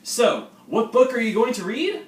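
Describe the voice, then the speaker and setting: A pompous, loud know-it-all teen senior, put on by a young man who talks down to everyone. His voice is pushed high and loud. It sounds distant and roomy, with faint noise underneath. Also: big pitch swings, normal speed. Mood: patronizing. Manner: loud and patronizing.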